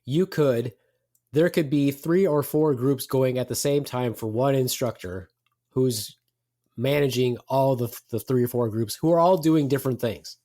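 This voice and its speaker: A man's voice: mid-range voice, a little slow, dark tone. A middle-aged man hosting a podcast, teasing and rambling in casual banter. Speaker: podcast host.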